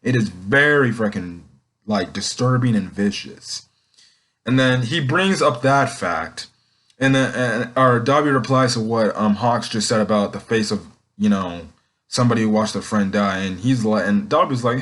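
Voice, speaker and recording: A man recapping a comic chapter in a loose, rambling way, filling pauses with "um" and "essentially" as he goes. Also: lowish voice, a bit bright. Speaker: manga chapter reviewer. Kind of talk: casual unscripted recap.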